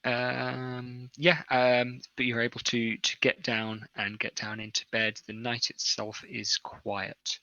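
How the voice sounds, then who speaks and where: Male GM, bright tone, unhurried scene narration; dull, dry lo-fi recording. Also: medium pitch, monotone, no room sound. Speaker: game master. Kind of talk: narrating a tabletop game.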